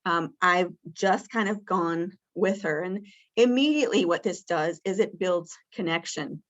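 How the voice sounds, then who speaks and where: The highs are cut off in this clip of a woman with a fairly low voice speaking at a measured pace. Her interactive training session focuses on communicating with people with dementia, delivered casually and warmly with plenty of fillers. She puts on a bright, lifted voice to act out what a caregiver might say.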